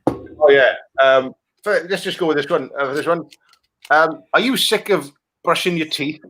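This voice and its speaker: A man from Wales improvises absurd product pitches as a comedy guest. He rambles and swears casually, and his voice sits a little high. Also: moderate pace, a bit bright.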